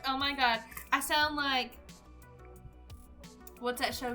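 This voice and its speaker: A woman's voice: high voice, fairly even intonation, takes it slowly, long pauses, bright, forceful tone, soft background music. A woman vlogging in a casual chat about baiting scammers, amused and talking loosely with lots of "like". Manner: chatty and amused, peppered with "like".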